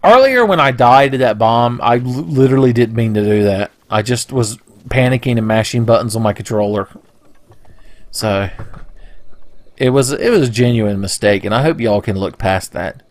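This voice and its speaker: A man's voice: medium pitch, animated, normal speed. A young man casually commentating a video game playthrough, joking, swearing and putting on silly voices. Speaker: let's play commentator.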